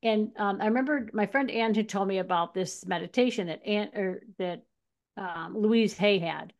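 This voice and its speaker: A woman's voice: mid-range voice, moderate pace. A woman co-hosting a podcast, telling personal stories in casual chat, acting out quotes and laughing as she goes. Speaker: podcast co-host. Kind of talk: casual conversational storytelling.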